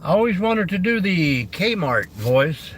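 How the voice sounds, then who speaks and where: A man's voice: high-pitched, sing-song, slow, slight background noise. A man hosting a casual livestream about camping, rambling along and greeting viewers by name. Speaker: camping channel host.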